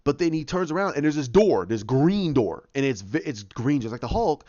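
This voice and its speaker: Podcast host, male, lively delivery, dull dry home mic. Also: fairly high pitch, moderate pace, no room sound. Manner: animated, acts out scenes, many restarts. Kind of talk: casual film recap.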